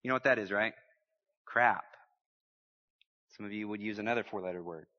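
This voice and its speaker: A man's voice: on the low side, brisk, in a large hall. Guy preaching, big swings, jokes w the crowd, kinda muffled recording. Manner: lively preaching with humor and audience call-outs. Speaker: pastor. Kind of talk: sermon.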